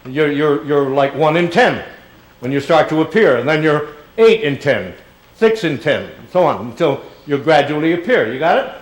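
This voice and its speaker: A man's voice: fairly high pitch, animated, normal speed, poor audio. An older man with a slightly raised voice answers questions from an audience. His talk is loose and rambling, full of small restarts, and it turns playful and theatrical now and then. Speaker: guest speaker. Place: auditorium.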